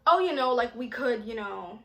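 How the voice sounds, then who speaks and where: A woman voicing a pushy young man on a date, coaxing and hesitant, a little lower than her own voice. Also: expressive, moderate pace, sharp tone.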